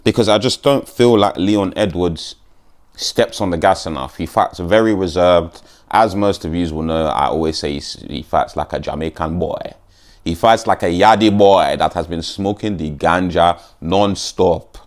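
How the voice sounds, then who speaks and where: Deep-voiced man, sweary. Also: moderate pace. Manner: swears freely, chatty, stop-start. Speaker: MMA vlogger. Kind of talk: casual chat to camera.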